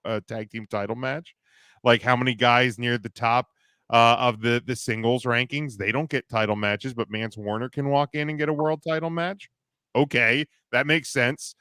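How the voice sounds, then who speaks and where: A man co-hosting a casual talk show, his voice smooth and resonant, recorded close and dry with no room around it. He talks in long, opinionated runs, restarting his sentences as he goes. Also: medium pitch, a bit bright, no echo. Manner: rambling, full of restarts and fillers, opinionated. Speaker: podcast co-host. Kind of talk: casual wrestling podcast chat.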